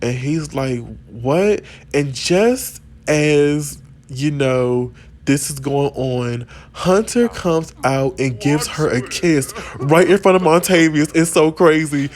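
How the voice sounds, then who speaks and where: A man hosting a casual let's-play video, telling the game's drama in an excitable, gossipy way. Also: fairly high pitch, slow pace. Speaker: gaming video host.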